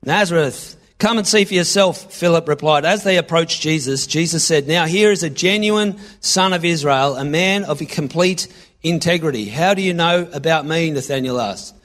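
A man preaching a sermon, reading scripture aloud and acting out lines with sudden loud bursts. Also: on the high side, normal speed. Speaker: pastor.

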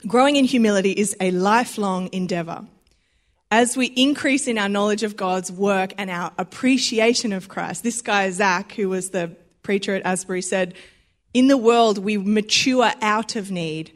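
A woman's voice: mid-range voice, normal speed. A young Australian woman giving a sermon in a chatty, conversational way, acting out little quoted voices and laughing easily. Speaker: preacher.

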